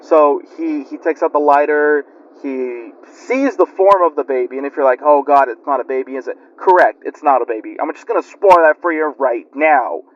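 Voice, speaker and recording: Chatty male storyteller, slightly high voice. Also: moderate pace. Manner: rambling, chatty, lots of fillers. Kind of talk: casual spooky storytelling. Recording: lo-fi muffled recording.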